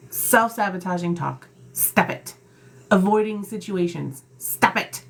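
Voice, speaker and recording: A woman's voice: medium pitch, a little slow, creaky, a bit bright. A woman giving a casual tarot card reading, reading card meanings aloud and breaking off to talk bluntly and emphatically, swearing freely. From Italian heritage. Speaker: tarot reader.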